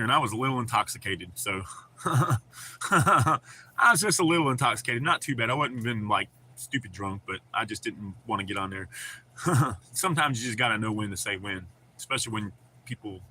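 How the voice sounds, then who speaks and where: A man hosting a livestream and chatting loosely with his viewers. His voice has a very bright, forward tone. He laughs often and swears freely, with a faint hiss of noise under the audio. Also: mid-range voice, moderate pace. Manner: profane, laid-back, laughs often. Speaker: livestream host. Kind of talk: casual livestream chat with viewers.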